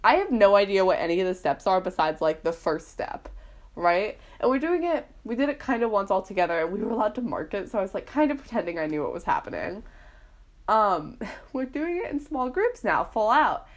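A woman's voice: medium pitch, very animated, brisk. Chatty young woman telling a story. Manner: chatty, filler-heavy, laughing often. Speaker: vlogger. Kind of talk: casual storytelling. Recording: poorly recorded.

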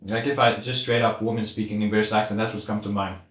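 A man's voice: fairly low pitch, fairly even intonation, quick pace, a bit bright. A teenage boy co-hosting a casual podcast chat, talking offhandedly with blunt remarks. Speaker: podcast co-host. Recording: echoey room.

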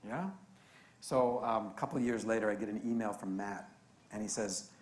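A man preaching a sermon, telling a story in an animated, conversational way. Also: fairly low pitch, normal speed. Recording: roomy echo.

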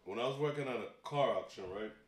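A man of Barbadian and Jamaican background chatting casually as a comedian and co-host, telling profane, animated stories with lots of restarts. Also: medium pitch, fast, reverberant. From Barbados and Jamaica heritage. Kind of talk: casual chat.

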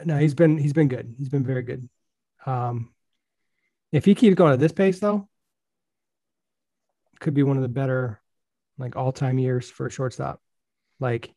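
A man hosting a casual baseball podcast, chatting in a relaxed way with lots of fillers. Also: mid-range voice, a little slow, pauses often, no echo. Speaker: podcast host.

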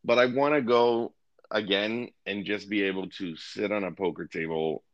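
A man's voice: fairly low pitch, fairly even intonation, normal speed, no echo, lo-fi sound. A man co-hosting a podcast in casual chat, easygoing and hesitant with ums. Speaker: podcast co-host.

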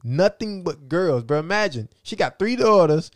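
A man talks casually, telling lively stories in slang and breaking into his relatives' voices. His voice sits a bit high for a man, and it is recorded close and dry, with no room sound. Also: normal speed, no echo. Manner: animated storytelling, slangy, acts out relatives' voices. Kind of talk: casual conversation.

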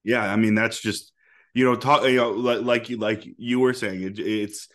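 A man with a slightly low voice hosts a sports podcast. He asks questions haltingly, stopping and restarting and filling gaps with little sounds. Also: fairly even intonation, fairly bright tone. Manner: halting, many fillers and restarts. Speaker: podcast host. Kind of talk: casual podcast interview.

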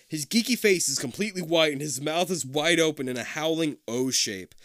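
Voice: mid-range voice, brisk, a bit bright, dry recording, clean studio sound. A podcast co-host reading a choose-your-own-adventure book aloud in a casual, comedic way, swearing freely and laughing often. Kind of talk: casual comedic read-aloud with crude asides.

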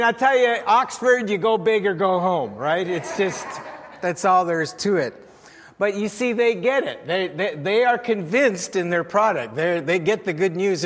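A man's voice: a little high, fairly bright tone. A middle-aged man preaching a sermon as pastor, conversational and full of anecdotes. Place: church sanctuary. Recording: long church reverb.

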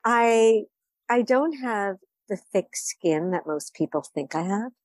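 A woman's voice: medium pitch, expressive, takes it slowly, no room sound. A woman wine writer answering interview questions, candid and reflective, often laughing at herself.

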